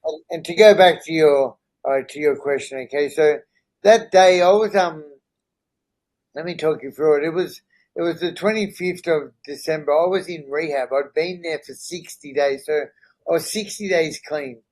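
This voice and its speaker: A middle-aged man appears as a podcast guest and candidly, earnestly tells his own story, checking in with the listener through "right?" and "you know?". His voice is a little high and a little mellow at a normal speed, and the audio is poor.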